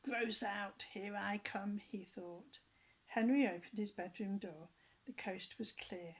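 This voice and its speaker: A woman's voice: medium pitch, slightly rough, low-quality recording. A woman reading a children's book aloud to a child, with playful asides and stretches of whispering.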